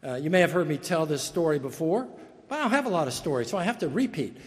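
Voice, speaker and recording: A man's voice: a little high, lively intonation, fast talker. A man preaching a sermon as pastor, earnest and emphatic, often repeating words as he restarts. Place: church sanctuary. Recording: long reverb of a large hall.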